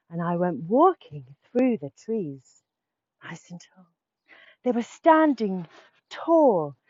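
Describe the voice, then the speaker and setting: A woman's voice: fairly low pitch, darkish tone, no echo, highs cut off. A woman teaching a children's yoga class, playful and sing-song as she leads poses and tells a little story.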